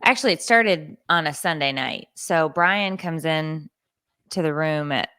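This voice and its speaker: A woman in her thirties tells a story on a podcast with biting sarcasm and plenty of swearing, slipping into other people's voices as she goes. Her voice sits a little low, and the close, dry studio sound has no room echo. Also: unhurried, sharp tone, clear, resonant tone. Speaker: podcast co-host. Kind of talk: casual storytelling chat.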